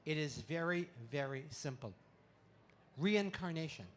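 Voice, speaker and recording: A man giving a playful talk to an audience at an expo, full of deadpan puns and laughter exercises, speaking into a handheld mic. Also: a little high, measured pace, a little hiss or hum. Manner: pun-filled deadpan jokes. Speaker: comedic spiritual speaker.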